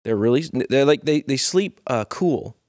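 A man's voice: mid-range voice, lively intonation, moderate pace, darkish tone, dry recording, clean studio sound. A man co-hosting a comedy podcast, laid-back and chuckling, with rambling asides. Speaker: podcast co-host. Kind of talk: casual comedy podcast chat.

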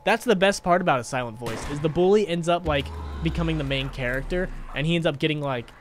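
A man's voice: on the high side, fast talker, slight background noise. A young man chatting on a gaming livestream, rambling and swearing as he retells a sad film and reads out chat donations. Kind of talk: casual live-stream chat.

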